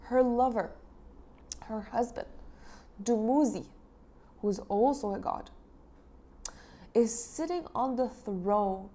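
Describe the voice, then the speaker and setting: A woman's voice: on the high side, mellow. A woman hosting her channel, casually retelling an ancient poem in a chatty, irreverent way with fillers and the odd swear word. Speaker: host.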